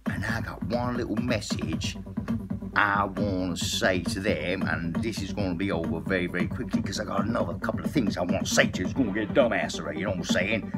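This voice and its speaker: A man's voice: deep voice, brisk. A man doing a rambling, profane comic rant as a vlogger, repeating a drawling catchphrase. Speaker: comedy vlogger. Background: epic background music.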